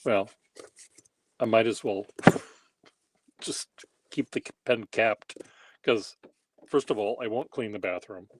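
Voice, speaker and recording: A man talks his way through a handwriting demonstration, musing aloud with wry, self-deprecating asides. His voice sits a little low and sounds husky and breathy. He speaks slowly and loosely, like someone thinking as he goes. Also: no room sound. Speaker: pen workshop host. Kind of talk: casual rambling demonstration.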